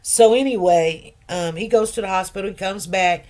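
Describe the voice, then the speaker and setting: A woman's voice: mid-range voice, normal speed, darkish tone. A woman nurse chatting casually, telling stories emphatically with many restarts and asides. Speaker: nurse, co-host. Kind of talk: casual chat.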